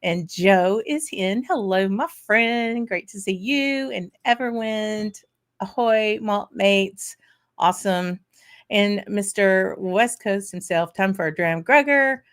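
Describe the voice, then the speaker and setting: Taking it slowly in a medium-pitched voice, the host of a whisky livestream casually greets her viewers by name. She's bubbly and talkative, filling her chat shout-outs with plenty of "um" and "y'all" along with bursts of laughter.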